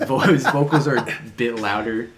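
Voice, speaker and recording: A man's voice: mid-range voice, moderate pace, a crowd in the background. A man co-hosting a podcast, chatting casually about holiday music, easygoing with frequent fillers and laughs. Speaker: podcast co-host.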